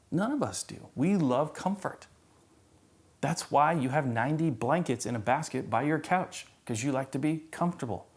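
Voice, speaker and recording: Lebhafter Prediger, Mann, Gemeindegottesdienst. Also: male voice, on the high side. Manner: conversational, animated preaching with humor. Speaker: pastor. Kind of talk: sermon.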